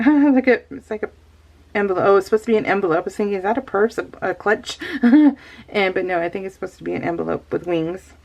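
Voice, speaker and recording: A woman's voice: mid-range voice, quick pace, vocal fry, darkish tone. A woman vlogger chatting casually and laughing at herself as she unboxes a craft kit. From California. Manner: chatty, giggly, talks to herself.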